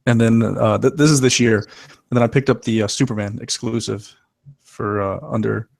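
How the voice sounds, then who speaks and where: A man on a collectors' panel, rambling about statue deals with halting starts. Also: on the low side, fairly even intonation, creaky, darkish tone. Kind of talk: casual chat.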